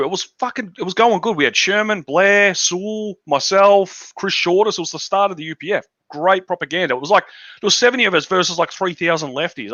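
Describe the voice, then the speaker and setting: A man's voice: on the high side, sharp tone, no room sound. An Australian man hosting a casual political chat, blunt and profane, ranting in a dull lo-fi recording. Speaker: podcast host.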